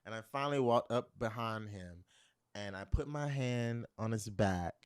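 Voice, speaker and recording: A man, a guest on a talk show, telling a funny personal story in a dramatic, animated way with cursing asides. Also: lowish voice, normal speed, smooth, no room sound, studio quality. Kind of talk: casual storytelling chat.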